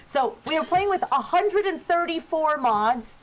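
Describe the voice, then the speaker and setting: Here the same New Jersey voice actor keeps chatting over a game, shifting where her voice sits to show the effect. She speaks high and expressively, a little slowly, on a dull lo-fi recording with some hiss or hum.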